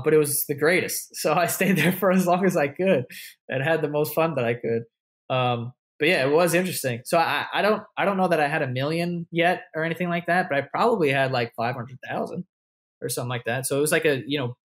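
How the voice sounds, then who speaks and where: During a laid-back podcast interview, a man rambles through his stories, cursing freely and restarting sentences amid many "likes." His pitch is fairly high and his tone a bit bright.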